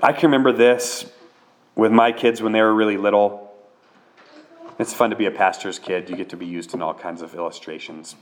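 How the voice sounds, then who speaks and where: A man's voice: lowish voice, steady tone, a little fast. Male pastor, sermon delivery, earnest and conversational.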